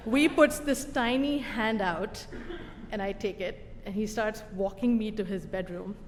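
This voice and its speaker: A young adult woman telling a personal story live on stage, animated and self-mocking, with a conversational tone and pauses for laughs. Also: medium pitch, slight background noise. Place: stage in a venue with a live audience. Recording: reverberant hall, faint room ambience.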